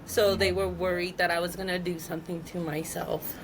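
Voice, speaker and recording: A woman's voice: on the low side, flat delivery, brisk, a little hiss or hum. A woman in her thirties, a guest telling her own story openly and frankly, with lots of "like" fillers. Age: 30s. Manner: open and frank, with many filler likes. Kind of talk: candid personal storytelling.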